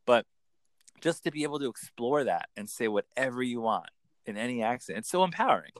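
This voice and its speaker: A man working as an accent coach, chatting in an animated, storytelling way. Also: medium pitch, no echo. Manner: animated, lively storytelling with quick bursts into put-on voices. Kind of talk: casual interview chat.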